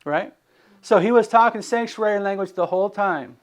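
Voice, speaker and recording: Speaking fairly quickly in a voice that sits high, a preacher gives a casual sermon. He's lively, asks rhetorical questions, and acts out quotations from the figures in his story.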